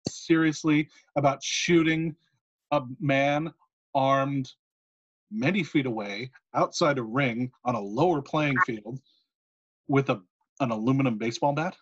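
A man co-hosting a podcast, telling a long story in a casual, animated way with quick asides. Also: mid-range voice. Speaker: podcast co-host. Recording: muffled lo-fi recording.

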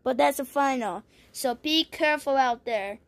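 A woman playing a rambling toy news anchor. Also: high-pitched. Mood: urgent. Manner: rambling, halting delivery. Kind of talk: improvised toy play.

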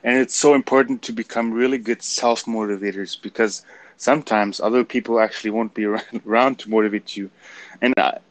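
A man's voice: lowish voice, steady tone, a little fast, no room sound. Easygoing German-accented man, dry sound. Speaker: co-host. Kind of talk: casual motivational chat.

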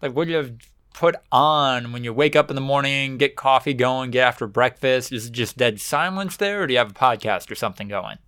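A man's voice: mid-range voice, a little fast, fairly bright tone, clean tone. A man on a casual podcast, asking questions and chiming in with dry remarks. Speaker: podcast co-host. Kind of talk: casual chat.

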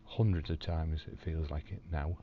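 A man recording a personal video diary from his hospital room, telling a story calmly with dry, wry humour. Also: extremely low pitch, moderate pace, phone-quality sound, slight background noise. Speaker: video diarist in hospital recovery.

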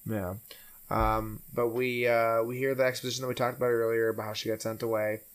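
A man hosts a relaxed movie podcast in a casual, joking tone. He recaps scenes and keeps throwing in quick impressions of the characters. His pitch sits in an ordinary middle range. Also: clear, resonant tone. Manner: jokey, slips into quoted character voices. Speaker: podcast host.

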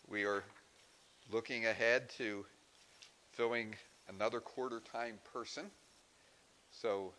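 Folksy man at the pulpit, halting delivery, average pitch. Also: fairly bright tone, slight background noise, low-quality recording. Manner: folksy, halting with many fillers. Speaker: church leader giving announcements. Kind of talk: church announcements and a told joke.

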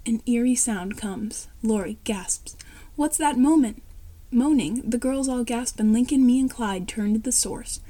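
A woman reading a fan story aloud, saying speaker names and stage directions out loud. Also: on the high side, fairly even intonation, a little slow, few pauses, no room sound. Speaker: story reader.

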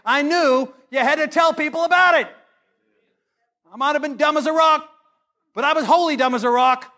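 A middle-aged man, preaching a storytelling sermon. He is animated and humorous, and swings between loud and hushed. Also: very high voice, moderate pace, long pauses.

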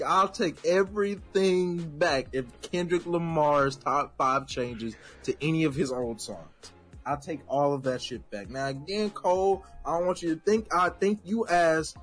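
A man's voice: high voice, unhurried, a bit bright, husky. A man co-hosting a podcast in casual chat, blunt and slangy, ranting about music. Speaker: podcast co-host.

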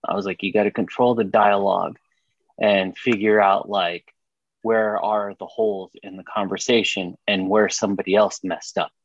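A man's voice: fairly low pitch, normal speed, no room sound, highs cut off. A man co-hosting a casual podcast, telling a story with lots of laughter and swearing. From Mexican-American household. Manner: animated storytelling, laughing, profane. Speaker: podcast co-host. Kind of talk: casual chat.

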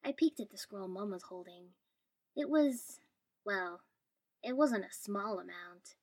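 Husky woman reading a story. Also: mid-range voice, unhurried. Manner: dry, wry. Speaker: story reader. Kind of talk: first-person story narration.

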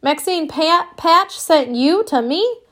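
A woman reading an audiobook voices a loud, blunt old country grandmother with tart, deadpan wit. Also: very high voice, slow pace, voice pushed up, exaggerated voice.

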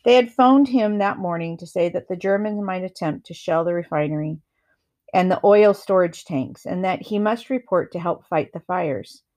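Woman reader, lowish voice, calm and measured, reading a novel aloud.

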